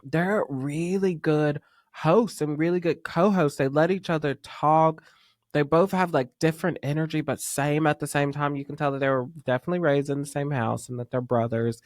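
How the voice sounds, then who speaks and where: A man hosting a casual pop music podcast, talking in an excitable, gushing fan manner with sudden whispers. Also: fairly high pitch, normal speed, dry recording, clean studio sound. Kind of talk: casual chat.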